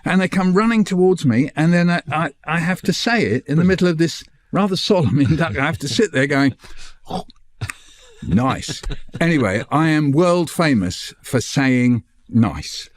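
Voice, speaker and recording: An older man, a guest on the show, telling a lively anecdote and acting out the voices of the people in it. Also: fairly high pitch, moderate pace, hardly any pauses. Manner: animated, acts out voices in his stories. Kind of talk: anecdotal storytelling.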